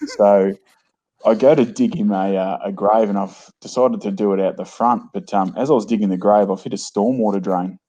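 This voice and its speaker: A man telling a long yarn in casual chat, filling gaps with "you know" and "uh." His voice is low, dark and husky. It comes through a dull, lo-fi remote connection. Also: steady tone, moderate pace. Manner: rambling, lots of "you know". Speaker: guest. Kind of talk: casual storytelling.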